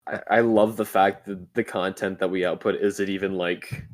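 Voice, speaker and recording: A young man co-hosting a casual podcast chat, rambling in quick bursts and restarting sentences. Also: low voice, fairly even intonation. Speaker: podcast co-host.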